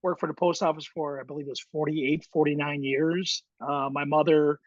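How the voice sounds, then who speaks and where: A man's voice: on the high side, fairly even intonation, normal speed, dry recording, highs cut off. A middle-aged man, a guest in an interview, telling his story in a reflective way with many fillers and restarts. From Chicago, USA. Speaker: guest, high school baseball coach.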